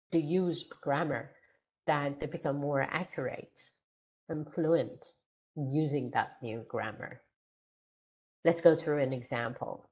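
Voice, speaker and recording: A woman training teachers, talking slowly and deliberately and modeling exaggerated intonation for a class. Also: deep voice, muffled recording.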